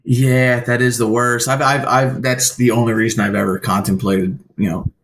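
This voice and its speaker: A man co-hosting a casual podcast, telling stories in an animated way and slipping into voices. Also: mid-range voice, moderate pace, slight background noise. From Philadelphia area. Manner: animated storyteller, does voices in anecdotes. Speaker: podcast co-host. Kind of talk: casual chat.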